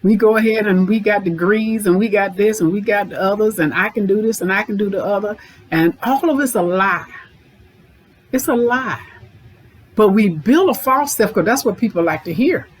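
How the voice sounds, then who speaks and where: A woman's voice: mid-range voice, normal speed, husky, low-quality recording. Middle-aged woman therapist, folksy podcast monologue that drives points home by repeating them. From Memphis, Tennessee. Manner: folksy, repeats lines for emphasis.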